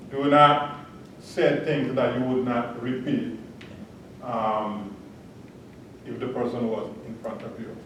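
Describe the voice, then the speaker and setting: Male panel speaker, unhurried and earnest, recorded at a distance in a reverberant room. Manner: earnest, storytelling, chuckles at own jokes. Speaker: panel respondent. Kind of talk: public talk with personal anecdote. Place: large lecture hall. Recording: echoey hall from a distance, faint rumble.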